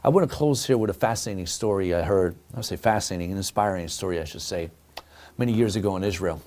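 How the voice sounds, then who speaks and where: Animated preaching man telling a story. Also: low-pitched, fast. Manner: animated preaching, addresses listeners as friends. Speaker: rabbi teaching a weekly Torah lesson. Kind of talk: sermon with storytelling.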